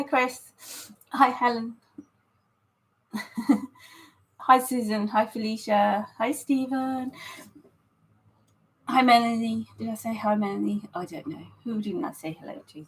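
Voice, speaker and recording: A woman's voice: on the high side, a little hiss or hum, rough recording. A woman chatting casually with viewers on a live stream while setting up to paint, talking in a scattered way, greeting people by name and laughing often. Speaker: artist hosting a live stream.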